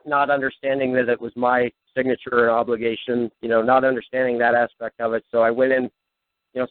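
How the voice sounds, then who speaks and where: A man of middle pitch calls in to a talk show and tells his story hesitantly, full of "uh" and "you know". His voice is dry and thin, squeezed through a phone line. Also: no echo. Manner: hesitant, with many fillers. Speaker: caller.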